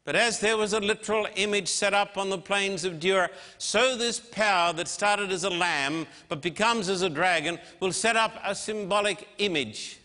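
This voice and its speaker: A man preaching a sermon with emphatic, measured delivery and dramatic pauses. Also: sits high, bright, forceful tone. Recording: long hall reverb.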